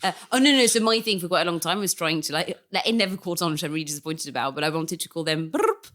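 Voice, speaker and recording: A woman's voice: lowish voice, rapid-fire, a bit bright. A woman co-hosting a political podcast in a casual, chatty way, speaking English as her second language and laughing often. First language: not English. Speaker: podcast co-host.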